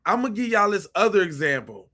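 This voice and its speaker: A man's voice: high-pitched, a little fast. A man hosting a podcast, reacting to clips with emphatic, profane commentary. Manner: animated, emphatic, swears freely. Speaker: podcast host.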